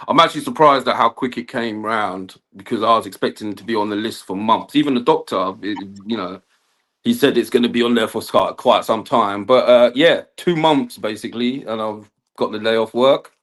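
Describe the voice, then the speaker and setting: A guest electrician from Kent, England, chats casually on a livestream, laughing often and asking "do you know what I mean." His voice sits on the low side, fairly bright, at normal speed.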